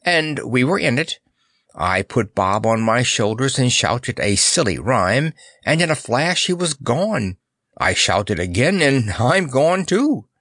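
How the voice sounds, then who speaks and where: A man voicing a polite, nervous male clown in a lion disguise, speaking in a slightly shaky, hurried way. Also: mid-range voice, very animated, fairly bright tone, no room sound, studio quality, pitched above the performer's own voice, full character voice. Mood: hasty explaining.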